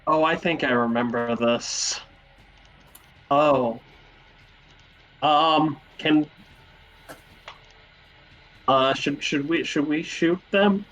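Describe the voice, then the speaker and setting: A man's voice: a little high, extremely slow, long pauses, a bit bright, poor audio. A man playing a tabletop game in a casual way, hesitating a lot and filling his speech with ums and uhs. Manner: hesitant, full of fillers. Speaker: player.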